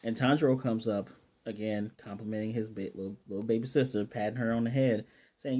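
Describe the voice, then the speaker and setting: A man's voice: on the low side, brisk. A man casually recapping an anime episode, retelling scenes with lots of fillers and restarts. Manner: excited storytelling with frequent fillers and restarts. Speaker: anime reviewer.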